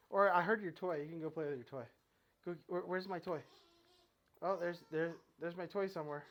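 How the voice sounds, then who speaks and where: Brief: slightly high-voiced man, winded, counting reps and rambling through a home workout. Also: a little fast. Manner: counts reps aloud, rambling and self-correcting. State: out of breath. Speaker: fitness vlogger. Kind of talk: casual workout commentary. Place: home floor workout with his dog nearby.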